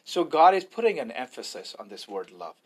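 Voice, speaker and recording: A man's voice: on the high side, very animated, fairly quick, slightly rough. A man, an evangelist, sharing a personal faith testimony in an earnest, preacherly way, often quoting scripture.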